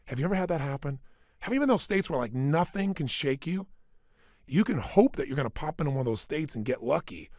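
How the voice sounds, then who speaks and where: A man's voice: a little high, lively intonation, quick pace, darkish tone, no echo, clean studio sound. A man giving a motivational talk, speaking emphatically and asking the listener questions. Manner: acts out inner voices.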